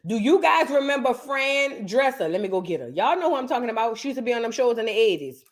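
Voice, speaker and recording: A Southern US woman hosting a casual reaction show, with a high voice. She talks straight to her viewers in a loose, chatty way. Her delivery is easy and conversational. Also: very animated, quick pace. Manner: chatty, addresses viewers as y'all. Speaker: host.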